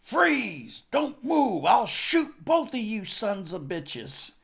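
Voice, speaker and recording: A man's voice: very high voice, sing-song, unhurried, darkish tone, voice pushed up, full character voice. A man putting on the voice of a jumpy armed border patrol officer who barks orders and then stares in disbelief. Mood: commanding. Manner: barking, then stunned and incredulous.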